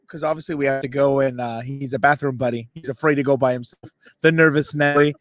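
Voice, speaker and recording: A man co-hosting a sports podcast, telling an excited, self-mocking story and acting out the other people in it. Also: medium pitch, quick pace, dry recording. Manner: animated, self-mocking, voices others in quotes. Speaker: podcast co-host. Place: radio row event booth.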